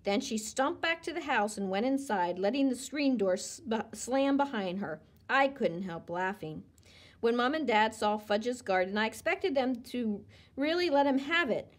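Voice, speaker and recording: A woman reads a children's chapter book aloud with expressive delivery. Her voice sits high and moves a lot. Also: normal speed. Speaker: reader. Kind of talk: storybook reading aloud.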